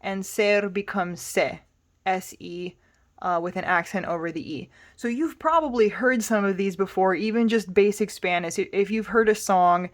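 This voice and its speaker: A woman's voice: mid-range voice, moderate pace. A woman teaching a Spanish lesson, explaining patiently and spelling words out letter by letter.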